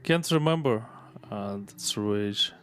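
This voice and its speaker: A man's voice: fairly low pitch, expressive, takes it slowly, fairly bright tone, a little hiss or hum. A man streaming a video game, chatting casually and laughing often as he plays. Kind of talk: casual gameplay commentary.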